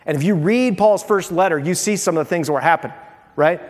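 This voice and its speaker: A man preaching a sermon as a pastor, animated and acting out the voices of people he quotes. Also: sits high, quick pace. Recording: long hall reverb.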